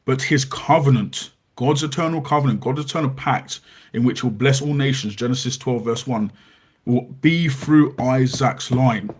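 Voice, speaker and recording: Male apologist, husky voice, combative commentary with scripture reading, mid-range pitch. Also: normal speed. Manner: argumentative, reads scripture aloud with frequent self-corrections. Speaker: Christian apologist.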